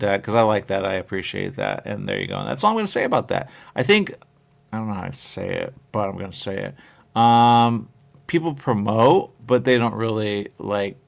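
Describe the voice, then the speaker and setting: A man's voice: fairly low pitch, creaky. A man hosting a live radio show, rambling casually, reading viewer comments and repeating himself often. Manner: rambling, repeats "there you go", reads chat comments aloud.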